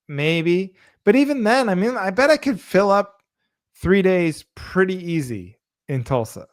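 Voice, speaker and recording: A fairly high-voiced man chatting on a comedy podcast with a loose, rambling delivery. He tells stories with plenty of energy and pops up into an even higher pitch whenever he mimics other people. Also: unhurried. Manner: animated storytelling, acts out others' lines in a higher voice. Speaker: podcast co-host. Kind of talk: casual comedy podcast chat.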